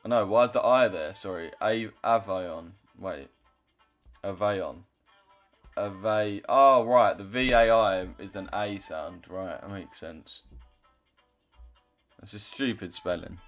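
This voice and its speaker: A man's voice: fairly low pitch, a little slow, soft background music. A young man chatting casually on a trading livestream, loose and chatty, swearing now and then as he reads out chat.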